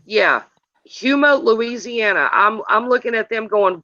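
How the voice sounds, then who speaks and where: Folksy drawl, bright tone, lo-fi call audio. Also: mid-range voice, lively intonation, a little slow, no echo. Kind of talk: casual chat.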